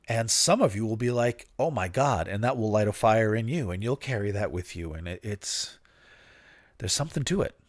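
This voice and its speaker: A man's voice: fairly low pitch, no room sound. A man hosting his own podcast in a rambling, profane, self-mocking way, laughing often and fighting a dry cough. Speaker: podcast host. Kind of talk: casual solo podcast talk. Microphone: studio podcast mic.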